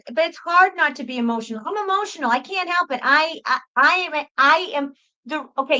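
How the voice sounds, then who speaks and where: High, bright woman, dull audio. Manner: emphatic, repeats words, swears. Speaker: psychic guest. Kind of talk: casual chat.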